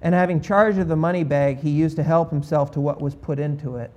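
A man's voice: fairly high pitch, steady tone, brisk, a little mellow, dull audio. A man preaching a sermon as pastor, telling the story with emphasis and a playful, sarcastic streak.

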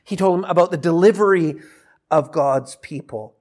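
A male preacher delivering a sermon in an animated storytelling manner. His voice sits fairly high for a man, and he often repeats and restarts phrases as he builds each point. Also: normal speed. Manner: animated storytelling, acting out quoted dialogue.

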